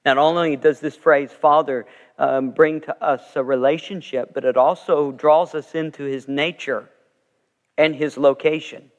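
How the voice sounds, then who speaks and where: A man with a fairly high voice preaching in a church, earnest and story-driven, rising in force at key points. His voice rings out with the long reverb of a large sanctuary. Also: fairly even intonation, measured pace, highs cut off. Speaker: pastor. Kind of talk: sermon.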